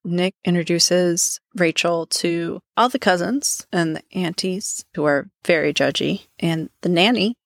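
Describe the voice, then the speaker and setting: A woman with a low, gravelly voice talks through a movie's plot beat by beat. She sounds casual and matter-of-fact, and the recording is close and dry. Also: a little slow, hardly any pauses, no echo. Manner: recaps plot scenes in a relaxed, matter-of-fact way. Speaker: podcast co-host. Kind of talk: casual movie recap chat.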